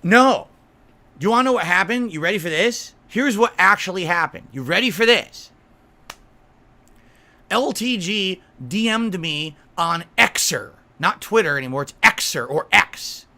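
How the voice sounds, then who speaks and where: This man's voice sits high and comes across animated, pushed and bright, though a little slow. Streaming live, he vents in an aggrieved, emphatic rant full of swearing, repeatedly checking with his viewers with "right?" and "okay?"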